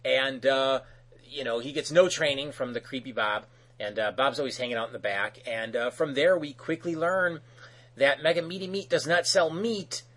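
A man's voice: mid-range voice, moderate pace, fairly bright tone. A man casually recapping a cartoon episode as podcast host, rambling with many fillers.

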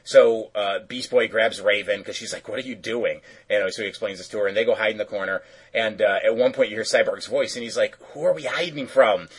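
A man's voice: fairly low pitch, fairly even intonation, fast talker, slightly rough, low-quality recording. A man casually recapping a cartoon episode, rambling with lots of fillers and self-corrections.

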